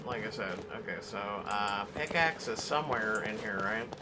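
A man giving gameplay commentary in quiet, sarcastic, mumbled asides. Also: fairly low pitch, lively intonation, normal speed, very noisy. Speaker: gamer. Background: game music.

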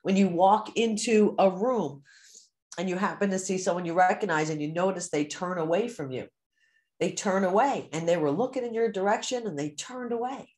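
Animated woman coaching a course group. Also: on the low side, moderate pace. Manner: animated, acts out imagined inner voices. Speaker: mindset coach for golfers. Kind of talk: teaching talk to a course group.

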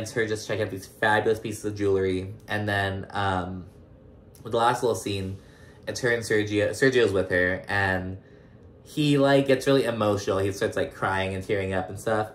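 A man recapping a reality show in casual, profane commentary full of fillers. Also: on the low side. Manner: chatty, profane, lots of fillers. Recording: roomy echo.

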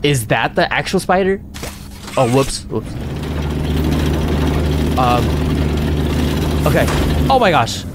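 A man giving live gameplay commentary as a streamer, excitable and panicky, laughing often. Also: medium pitch, slow pace, pauses often, heavy background noise. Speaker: game streamer.

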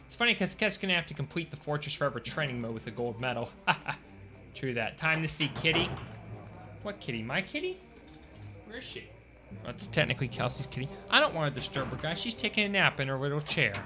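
Young male streamer, loose and jokey, chatting with viewers over gameplay, higher-pitched voice. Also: sing-song, brisk. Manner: chatty, jokey, talks to chat. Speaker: game streamer. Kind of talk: casual gameplay commentary.

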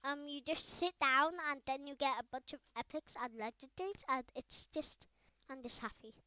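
A woman giving casual gameplay commentary on her own video, chatty and excitable, rambling with fillers. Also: high-pitched, moderate pace. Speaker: gaming video creator.

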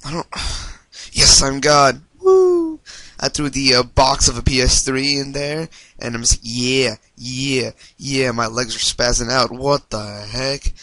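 A man hosting a let's-play video, reacting excitably and swearing when things go wrong. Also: mid-range voice, dry recording. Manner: excitable, yelps and swears at mishaps. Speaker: gaming video host.

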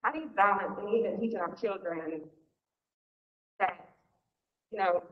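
A woman's voice: mid-range voice, normal speed. A woman in a church audience, emotional and hesitant, searching for words as she asks a question. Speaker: audience member asking a question. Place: church sanctuary. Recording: echoey, dull church recording.

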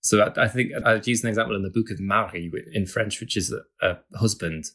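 Man, guest author, low voice, relaxed explanatory podcast chat, hedging. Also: brisk. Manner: chatty, hedging with "kind of", laughs often.

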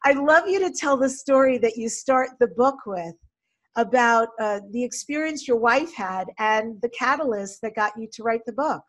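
A woman hosts a podcast interview with a voice a little higher than average. She chats easily and laughs as she sets up her questions. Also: animated, moderate pace. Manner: chatty and laughing. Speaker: podcast host. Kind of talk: interview hosting.

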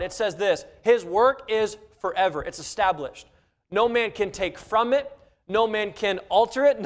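High-voiced man preaching a sermon. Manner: earnest preaching, acts out quoted voices with rising emphasis. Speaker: pastor. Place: church sanctuary.

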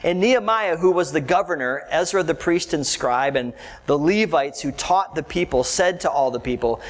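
A man delivers an animated, conversational sermon, talking straight to his congregation. His voice sits a little higher than most men's. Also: normal speed, poor audio. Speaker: pastor.

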